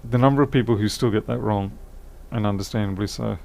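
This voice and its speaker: Tired man with a gravelly voice. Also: fairly low pitch, fast, darkish tone. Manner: chatty, thinks aloud while working. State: tired, voice fading. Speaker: live streamer repairing laptops. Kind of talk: casual live stream chat.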